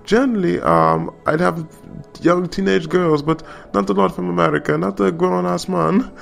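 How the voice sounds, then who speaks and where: A man putting on a British accent to play a surprised male author, in a high, strained put-on voice. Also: fairly even intonation, moderate pace, gravelly, soft background music. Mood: amazed.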